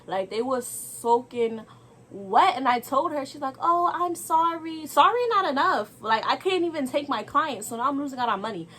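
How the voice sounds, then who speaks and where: A young woman telling a casual storytime to camera, animated and exasperated, throwing rhetorical asides to viewers. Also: fairly high pitch, moderate pace, slightly rough.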